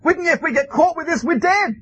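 Man doing alarmed, squeaky townsfolk. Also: expressive, fairly quick, fairly bright tone, no room sound. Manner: exasperated, pitched up. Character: alarmed townspeople, male, nervous crowd.

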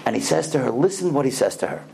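A man telling stories in a talk, animated and often repeating his words as he starts a sentence. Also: mid-range voice, quick pace, vocal fry. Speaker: speaker telling religious stories. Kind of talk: anecdotal storytelling talk.

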